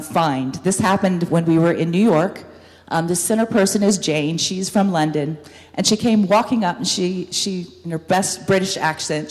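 Speaking as a guest in a university hall, a business owner delivers an upbeat business talk to an audience with frequent ums. Her voice is on the low side and a little mellow, recorded through a room mic with hall reverb.

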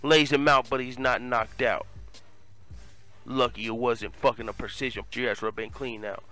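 A man's voice: medium pitch, moderate pace, faint music behind. A man who hosts an online fight channel, telling a crude comedic story with lots of swearing and laughter. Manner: profane, animated, laughing often. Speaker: MMA YouTube host.

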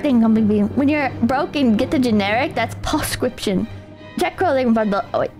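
A woman's voice: a little high, normal speed, darkish tone. A young American woman streaming, chatting casually and reading viewer donations in a teasing, crude way, swearing freely. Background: faint music.

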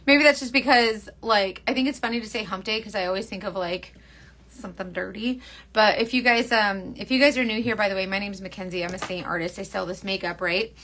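Reading viewer comments with giggles and rambling asides, a young makeup seller runs her livestream in a talkative way. She speaks fairly quickly in a medium-pitched, fairly bright voice, with a little hiss or hum in the audio.

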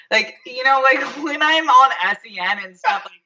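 A man talking as a panel guest, gushing and quick to laugh. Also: very high voice, dull audio. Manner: gushing, animated, laughs easily. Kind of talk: casual panel chat.

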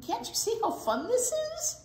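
A woman's voice: very high voice, huge pitch swings, measured pace, darkish tone, voice pushed up, full character voice. A woman voicing a friendly big male bear in a children's picture-book read-aloud, cheerful and coaxing. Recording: echoey room.

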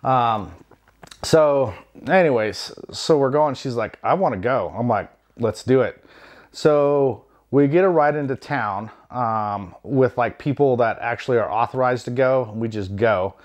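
A man's voice: mid-range voice, measured pace, lo-fi sound. A man from the United States telling a rambling personal travel story in a wry, self-deprecating way, with lots of fillers and asides. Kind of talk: casual storytelling. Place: home.

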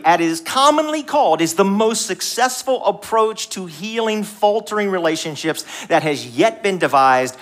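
A male pastor preaching a sermon in a church, conversational and animated, rising high for emphasis and dropping to a hushed voice. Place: church sanctuary.

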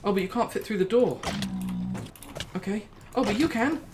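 Playing a video game, a man who makes gaming videos on YouTube chats casually and jokes as he works through it, breaking into high-pitched squeals at anything startling. He speaks at a moderate pace over background noise.

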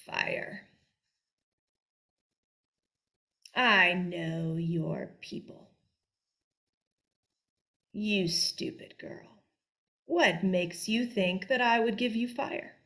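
Woman playing a hushed, menacing old witch. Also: mid-range voice, vocal fry, full character voice. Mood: scornful. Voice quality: hushed, half-whispered, slow menacing delivery. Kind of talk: storytelling.

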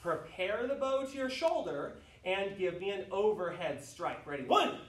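Drill-shouting martial arts instructor, roomy echo. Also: male voice, sits high, animated, normal speed. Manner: counts and shouts drill commands. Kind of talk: online class instruction. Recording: roomy echo, mic far off.

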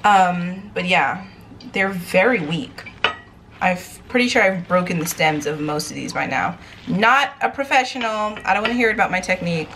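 A woman's voice: fairly low pitch, animated, normal speed, background noise. A young adult woman chatting casually in a cooking vlog, sassy and dramatic with asides to the camera. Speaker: vlogger.

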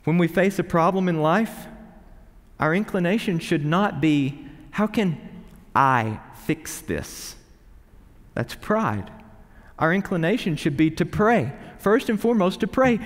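A man's voice: high-pitched, lively intonation, unhurried. Earnest male preacher in a reverberant hall. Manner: earnest, swings between quiet reflection and emphatic pleas. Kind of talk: sermon.

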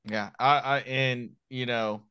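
A man's voice: mid-range voice, steady tone, takes it slowly, bright, forceful tone, clear, resonant tone, dry recording, clean studio sound. A man in his thirties from Miami, a former Marine hosting a podcast, talking frankly and rambling with many restarts. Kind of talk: casual podcast chat.

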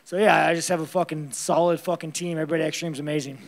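Man, fighter, press conference, profane, blunt, rambling, laughs a lot, higher-pitched voice. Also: fairly even intonation, rapid-fire.

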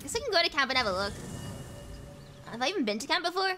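A British woman streaming a video game, chatty and excitable, thinking aloud as she plays. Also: sits high, quick pace, music in the background. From Britain. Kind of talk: casual gameplay commentary.

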